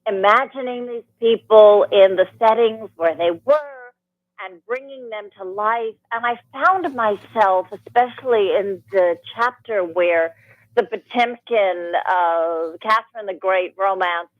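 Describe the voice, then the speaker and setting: A woman, an author and audiobook narrator, telling animated stories as a guest in a radio studio interview. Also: mid-range voice, measured pace, no echo, highs cut off. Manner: animated storytelling, rambling with restarts.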